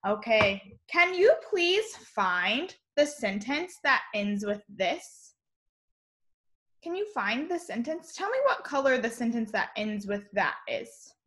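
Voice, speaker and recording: A woman teacher giving a cheerful online lesson to young children, spelling words out slowly in a sing-song voice over a computer mic. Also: a little high, big pitch swings, fairly bright tone. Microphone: computer mic on a video call.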